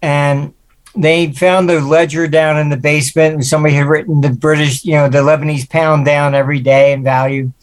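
A man's voice: on the high side, little pitch movement, brisk. Older male guest; casual storyteller, slips into quoted voices. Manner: anecdotal, acts out quoted voices. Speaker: guest, market forecaster. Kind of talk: interview storytelling.

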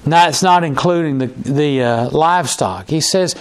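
Man preaching in a chatty, halting way. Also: a little high. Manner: conversational, repeats and restarts words, acts out quoted lines. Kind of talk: sermon.

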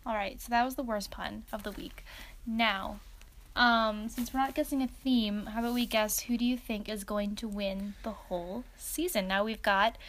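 A woman's voice: fairly high pitch, fairly even intonation, moderate pace, fairly bright tone, a little hiss or hum. A woman co-hosting a podcast, chatting casually with lots of "like" and "um". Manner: chatty, fills with "like" and "um". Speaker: podcast co-host. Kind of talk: casual chat.

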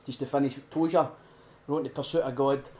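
A middle-aged man speaks with heartfelt earnestness at a recovery retreat, his talk resembling an informal sermon. Though his mid-range voice is fairly even in intonation and fairly quick, he moves between loud emphasis and hushed, prayerful quiet.

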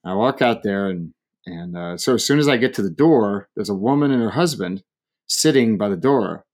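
A man's voice: lowish voice, moderate pace. A man telling a funny story in casual talk, acting out the people he quotes and laughing as he goes. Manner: animated, acts out quoted people, laughs often.

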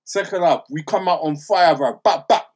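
A man's voice: fairly high pitch, moderate pace. Slangy man telling a story. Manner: slangy, excitable storytelling, keeps repeating "listen" and "bruv". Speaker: football fan pundit. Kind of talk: animated fan rant.

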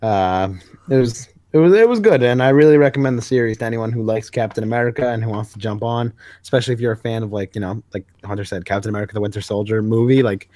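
A man's voice: lowish voice, fast, mellow, no echo. A young man co-hosting a comics podcast in casual, rambling chat, full of fillers. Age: young adult. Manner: rambling, many fillers, acts out quotes. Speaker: podcast co-host.

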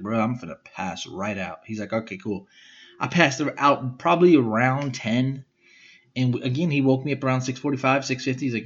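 A young male podcast host tells stories in a casual monologue, rambling, using slang, and swearing often. His voice is medium-pitched and a bit bright, and the sound is lo-fi.

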